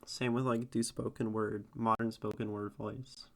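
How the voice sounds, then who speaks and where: A man's voice: lowish voice, level tone, normal speed, vocal fry. An American man streaming casually, thinking aloud in a hesitant way with many fillers. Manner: musing, hesitant, lots of fillers.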